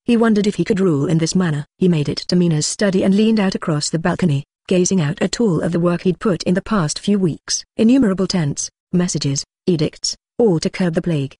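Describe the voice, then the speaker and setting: A synthetic-sounding audiobook narrator reading a fantasy novel in an even, steady way. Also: mid-range voice, a little fast, few pauses, breathy edge, dry recording, clean studio sound. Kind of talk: scripted narration.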